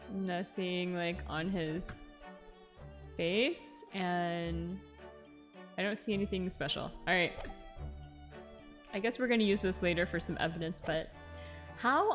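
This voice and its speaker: A woman's voice: on the low side, fairly bright tone. Chatty woman streaming a game. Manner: chatty, reads game text aloud. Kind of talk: casual gameplay commentary.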